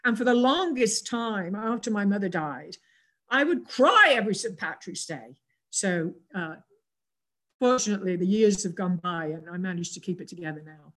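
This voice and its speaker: An interview guest from England, a woman in her seventies, shares personal stories in an expressive, mid-range voice. Her delivery is soft and reflective, broken by frequent pauses and restarts.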